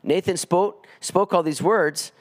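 A man preaching an expository sermon, earnest, climbing higher when he presses a point. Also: slow pace. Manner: earnest preaching, rising in pitch on emphatic pleas. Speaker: pastor.

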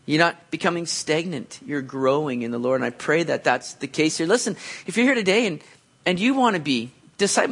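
A man preaching a sermon as a pastor, in a conversational, animated way with many asides, often leaping up to act out reactions. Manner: animated, jumps into high voices to act out reactions.

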